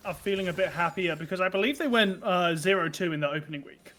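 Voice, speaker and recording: A man giving quick play-by-play commentary on a live esports match, with dry asides. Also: high-pitched, a bit bright, soft background music.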